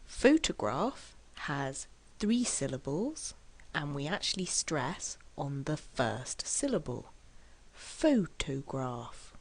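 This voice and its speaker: Slow, low-voiced woman teaching English. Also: big pitch swings. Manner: slow, careful, deliberate enunciation with exaggerated stress. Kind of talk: scripted lesson delivery.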